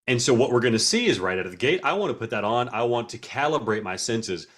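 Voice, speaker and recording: A man co-hosting a casual gaming podcast, animated and playfully dramatic in his jokes. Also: medium pitch, quick pace. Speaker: podcast co-host.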